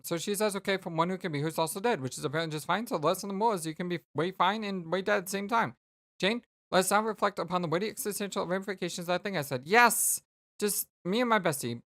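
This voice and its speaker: A let's play host voicing a bubbly, chatty teenage girl who rambles excitedly, reading game dialogue aloud. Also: medium pitch, close to an everyday voice.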